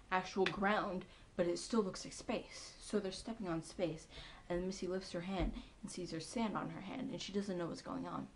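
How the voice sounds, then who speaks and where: A woman giving a casual, excitable recap of a TV episode, chatty and full of ums and likes. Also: medium pitch, a little hiss or hum. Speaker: TV episode reviewer.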